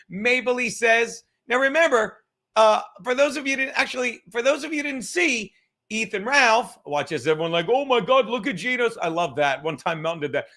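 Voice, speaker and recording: Man, high-pitched, gravelly, bright tense tone, profane sarcastic home podcast rant. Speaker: comedy podcast host. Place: home apartment.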